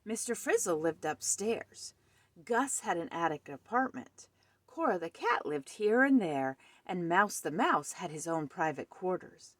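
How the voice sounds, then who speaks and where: A woman reading a children's picture book aloud at home with expressive storytelling. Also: fairly low pitch, measured pace, dry recording.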